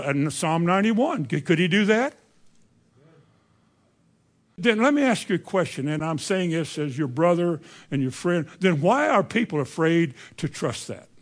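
A man preaching a sermon, driving his points home with rhetorical questions to the congregation. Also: on the high side.

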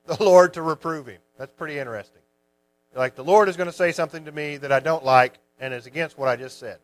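High-voiced man teaching a sermon. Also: a bit bright, dry recording. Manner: conversational Bible teaching with restarts. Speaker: preacher.

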